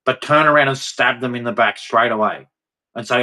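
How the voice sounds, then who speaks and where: A man's voice: mid-range voice, brisk, sharp tone. A man delivering a heated, preachy rant straight to his audience, repeating words for emphasis. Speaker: vlogger. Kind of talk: ranting monologue to camera.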